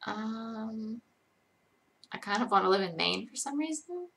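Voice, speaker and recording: A woman in her twenties from Georgia, USA, hosts a casual livestream and rambles through viewer questions, chatty and full of "likes" and "ums." Her light accent is Connecticut-tinged American with little Southern. She speaks a little slowly in a fairly high, gravelly, fairly bright voice with lively intonation.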